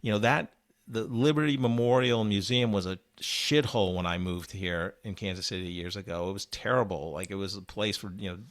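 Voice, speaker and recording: A man with a low voice talks through a podcast recap in loose, casual chat. He rambles and restarts often, and he fills gaps with "you know". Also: fairly quick. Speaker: podcast co-host.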